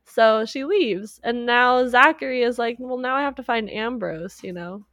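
A woman with a fairly high voice chats casually, retelling a movie and slipping into quoted lines of its characters. Her sound is dry and close, with no room around it. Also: normal speed, dry recording. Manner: animated retelling with quoted voices, frequent laughs. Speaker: podcast co-host. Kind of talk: casual chat recapping a movie.

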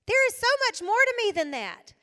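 A middle-aged woman preaching to a women's gathering, animated, swinging between loud exclaiming and hushed soft passages. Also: very high-pitched, a little fast, in a large hall. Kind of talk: sermon. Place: hall addressed to an audience.

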